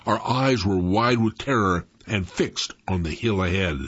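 A man narrating a first-person story with an expressive, dramatic delivery. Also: on the low side, measured pace, breathy edge, no echo, lo-fi sound.

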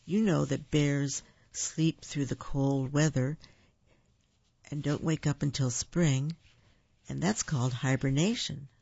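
A man reads picture books aloud in a slow, gentle way, pausing to explain things for young listeners. His voice is gravelly and husky. The recording is dull, lo-fi and dry. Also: fairly high pitch, fairly even intonation, dry recording. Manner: gentle, unhurried, explains to children. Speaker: storyteller. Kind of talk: picture-book read-aloud.

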